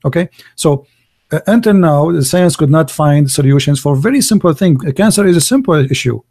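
A man debating over a call in fast, animated, broken English. His voice sits a bit high, and he stumbles through fillers and restarts as he pushes his point. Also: no echo, studio quality.

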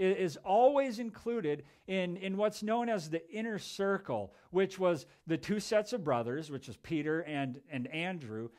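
Man pastor, slightly higher voice, chatty sermon delivery with restarts. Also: a little mellow. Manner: conversational, storytelling with repeated restarts. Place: church sanctuary.

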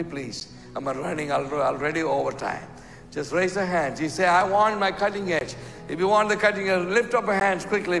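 A man's voice: high voice, a bit bright. A man from India, preaching as a guest speaker and giving an altar call, often asking the crowd "Amen?". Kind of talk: sermon with altar call and prayer. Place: church sanctuary. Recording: echoey reverberant hall.

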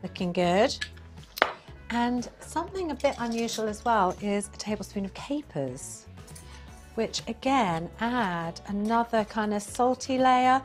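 A woman hosting a cooking show, chatting enthusiastically as she cooks and then asking quick-fire interview questions. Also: a little high, animated, music in the background.

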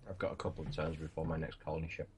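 A man with a very deep voice trades dry, teasing remarks while gaming with friends. Steady background noise and mouse clicks sit under his voice on a home recording. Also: racing. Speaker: co-player in a let's play. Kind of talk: casual chat over gameplay.

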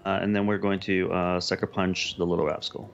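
A man's voice: sits low, level tone, brisk, creaky, muffled recording, soft background music. A man co-hosting a casual show, playing a card game with goofy, sing-song jokes. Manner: goofy, sing-song riffing and repeated phrases. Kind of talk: casual game-play banter.

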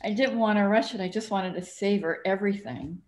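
A woman who cartoons and writes, speaking gushingly and tearfully with many pauses in a book talk. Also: mid-range voice, darkish tone. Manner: gushing, tearful, hesitant with fillers. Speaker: cartoonist and author.

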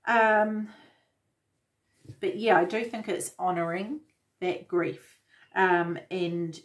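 A woman giving a casual tarot reading, gentle and reflective, with many fillers and restarts. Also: fairly low pitch, a little hiss or hum. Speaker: tarot reader.

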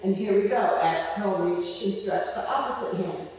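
A young woman physical therapist leads a home floor exercise class, encouraging listeners, counting reps aloud and cueing breaths while slightly winded. Her mid-range voice is a little mellow and moves at a normal speed. The sound is echoey, as if in a hall with her far from the mic.

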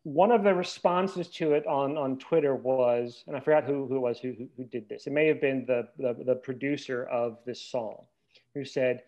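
A man co-hosting a podcast, ranting with animated indignation and stumbling restarts in casual chat. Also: medium pitch, normal speed, dull audio. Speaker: podcast co-host.

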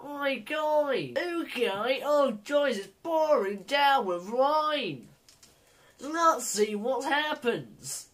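Brief: a man imitating an upbeat male vlogger, bright greeting tone, voice lifted well above his own. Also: very high voice, expressive, extremely slow, voice pushed up, full character voice. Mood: cheery. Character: impression of a cheery male gaming vlogger.

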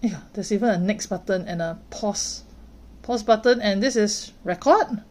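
A woman hosting a toy unboxing, gently narrating and reacting with delight to each figure as she unwraps it. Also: medium pitch, moderate pace. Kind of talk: unboxing narration, soft ASMR-like. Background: plastic crinkling and clicks from handling toys.

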